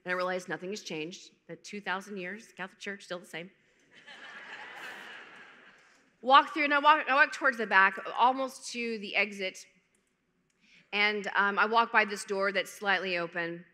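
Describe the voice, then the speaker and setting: An American woman gives a testimony talk to a large audience in a big conference hall, telling her story with humor and acting out the quotes. Her medium-pitched voice is bright and forceful, with a measured pace and frequent pauses. Long hall reverb fills the recording.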